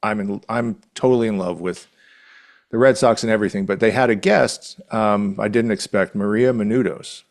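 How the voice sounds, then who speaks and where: A man's voice: on the low side, normal speed. A man co-hosting a podcast, chatting casually and enthusiastically in a rambling way with many restarts. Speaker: podcast co-host. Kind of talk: casual chat.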